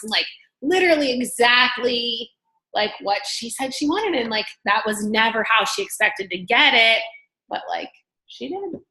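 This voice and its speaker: A woman's voice: fairly high pitch, animated, moderate pace, bright, forceful tone. A woman guest telling a story casually and chattily, full of fillers. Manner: chatty, many fillers like "like" and "whatever". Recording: echoey room.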